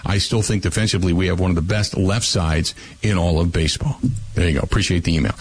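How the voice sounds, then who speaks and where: A man's voice: low voice, fast talker, breathy edge, poor audio. A man hosting a call-in radio talk show, blunt and wry, reading out listener messages and giving his own takes.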